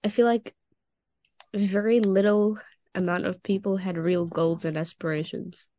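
A woman's voice: medium pitch, steady tone, measured pace, dark tone, no echo, muffled recording. A teenage girl co-hosting a casual podcast with friends, telling stories animatedly and acting out the people she quotes. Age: teens. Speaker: podcast co-host. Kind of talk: casual chat among friends.

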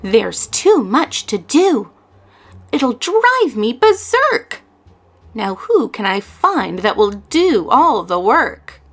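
A woman's voice: fairly high pitch, sing-song, slow, faint music behind, heavily acted. A woman voicing a wicked, bossy old witch in a storybook reading, snapping and scolding.

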